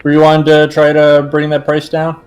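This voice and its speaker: A man as game master of a tabletop game, talking casually, cursing freely and filling pauses with "uh" and "um". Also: fairly high pitch, monotone, a little mellow, faint music behind, rough recording. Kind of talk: running a tabletop game over voice chat.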